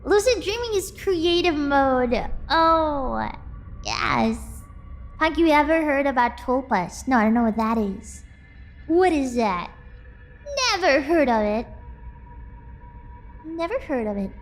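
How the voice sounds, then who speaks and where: A woman streamer chatting casually with her viewers, excitable and quick to laugh. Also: high voice. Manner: excitable, bursts into squealing and laughter. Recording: faint music in the background.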